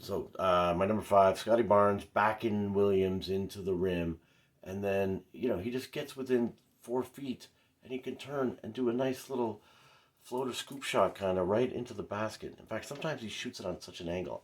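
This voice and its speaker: In a casual sports recap vlog, a frustrated middle-aged fan rambles through a basketball game, with plenty of fillers and side comments. His voice is lowish, and he keeps a moderate pace.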